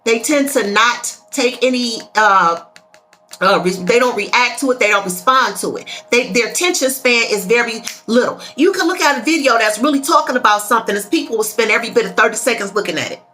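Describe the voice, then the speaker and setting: Woman talking spiritual stuff to her viewers, high bright voice, real emphatic, calls everybody y'all. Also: animated, a little fast, faint music behind. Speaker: tarot and spiritual reader. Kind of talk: casual spiritual monologue to viewers.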